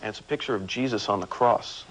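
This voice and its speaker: A man's voice: fairly low pitch, fast, very noisy. A man telling funny stories as a guest on a late-night talk show in a studio. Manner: animated storyteller, plays voices in anecdotes. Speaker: morning news anchor, talk show guest. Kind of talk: anecdotal talk show chat. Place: TV studio before a live audience. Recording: 1990s VHS TV broadcast.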